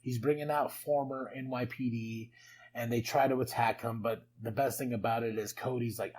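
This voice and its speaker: A man hosting a podcast, recapping wrestling in a casual, excitable way with frequent laughs and chatty asides. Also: medium pitch, moderate pace, a little hiss or hum, rough recording. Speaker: podcast host.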